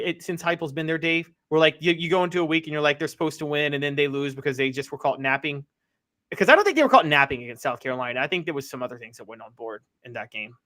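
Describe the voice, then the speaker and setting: A man's voice: on the high side, sharp tone. A young man co-hosting a casual sports podcast, giving emphatic, opinionated takes. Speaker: podcast co-host.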